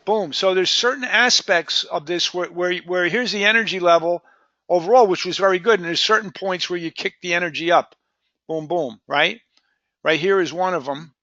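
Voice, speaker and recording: A man coaching salespeople in a live training session, energetic and repetitive, often saying "boom". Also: moderate pace, dry recording, muffled recording. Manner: energetic, repeats words, says "boom".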